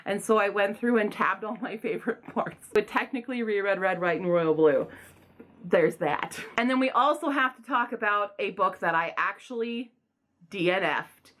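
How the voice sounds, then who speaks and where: A young woman giving quick, rambling book reviews in a casual vlog, excitable and gushing, with loud outbursts. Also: mid-range voice.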